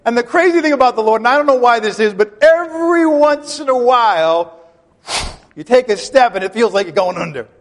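A pastor preaching a sermon in an animated, emphatic way, mixing conversational asides with his teaching. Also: very high voice, a little fast, in a large hall.

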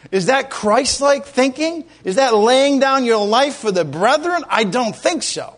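High-voiced man preaching a lively sermon. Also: unhurried, few pauses. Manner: conversational, asks the congregation questions, rises to loud exclamations. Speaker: pastor.

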